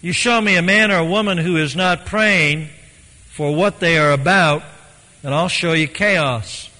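A man preaching a sermon in an earnest, emphatic way, slowing down to stress key points. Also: a little high, bright, forceful tone. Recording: long hall reverb.

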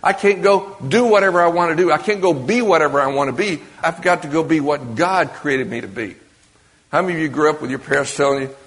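A man's voice: fairly high pitch, fast talker, a bit bright. A man giving a sermon to a congregation in a conversational way, often asking the audience questions. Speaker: preacher. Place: church or meeting hall with an audience. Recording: long reverb of a large hall.

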